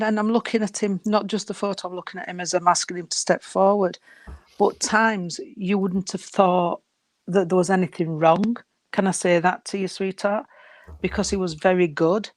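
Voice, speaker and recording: A woman giving a spirit reading to a sitter, gentle and unhurried, often calling her sweetheart and darling. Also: mid-range voice, no echo. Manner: unhurried, halting delivery. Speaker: psychic medium.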